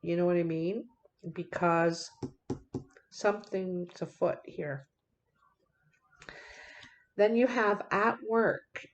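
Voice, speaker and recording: A woman lays out playing cards and reads them aloud for her viewers. She speaks slowly in a slightly low voice. Her manner is folksy and direct, full of ums and asides. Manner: folksy, direct, many fillers. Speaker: card reader. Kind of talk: card reading to viewers.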